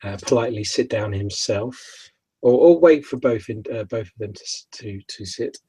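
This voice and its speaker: Husky-voiced male player narrating a tabletop game, hesitant and chatty. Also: on the low side, moderate pace, warm tone, dry recording, poor audio. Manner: hesitant, laughs often, many restarts. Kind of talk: tabletop role-play narration.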